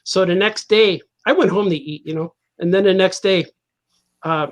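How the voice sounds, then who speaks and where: A man's voice: high voice, normal speed. A man, a cartoonist guest on a podcast, telling a casual anecdote, laughing often and acting out the people in his story.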